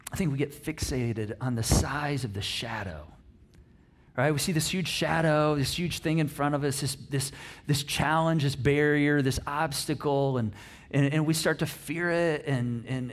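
Animated man preaching a sermon. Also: a little high. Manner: conversational, animated, acts out quotes, frequent restarts. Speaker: pastor.

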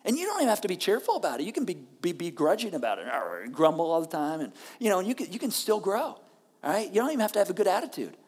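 A woman's voice: on the low side, very animated, very fast, darkish tone, breathy edge, long reverb tail. A woman pastor preaching a sermon on a church stage, talking in a conversational way with frequent check-ins to the listeners.

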